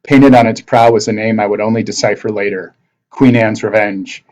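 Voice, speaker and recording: A man teacher reading a novel aloud to his class with expressive narration. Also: lowish voice, quick pace, poor audio.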